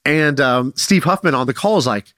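A man in his thirties, co-hosting a podcast, telling a story in an energetic, animated way. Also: medium pitch, moderate pace, no echo, studio quality. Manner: energetic, animated retelling with quoted voices. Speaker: podcast co-host. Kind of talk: casual storytelling chat.

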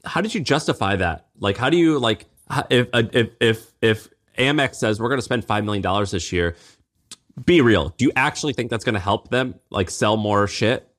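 A man co-hosting a podcast in casual business chat, animated and cussing, his voice jumping up when he tells a story. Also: lowish voice, moderate pace. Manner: animated, swears freely, voice jumps up when telling stories. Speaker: podcast co-host.

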